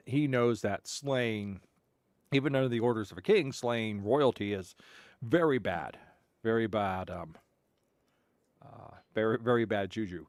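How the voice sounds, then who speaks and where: A man's voice: lowish voice, no echo. Rambling male streamer retelling myths. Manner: frequent restarts and stammered repeats. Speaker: gaming streamer. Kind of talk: rambling casual storytelling.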